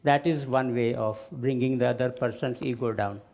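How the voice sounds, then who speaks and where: A man giving a measured explanation in a dialogue, with occasional fillers. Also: medium pitch, steady tone, a little mellow. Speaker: youth leader. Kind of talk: dialogue contribution.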